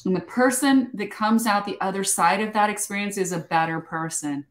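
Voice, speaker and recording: A woman's voice: mid-range voice, normal speed. Woman, radio host, reflective, encouraging tone, echoey room. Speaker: show host and co-author. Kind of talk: interview talk.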